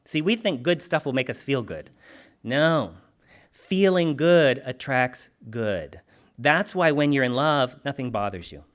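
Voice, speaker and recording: A man giving an animated, humorous, conversational spiritual talk to a congregation. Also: medium pitch, normal speed. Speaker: spiritual teacher.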